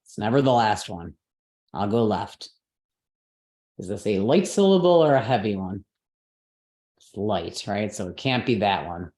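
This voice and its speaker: A woman teaching a live class, explaining step by step, checking that her students follow, and correcting her own slips out loud. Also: a bass voice, lively intonation, measured pace, pauses often, roomy sound. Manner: patient, step-by-step explaining with frequent checks for understanding.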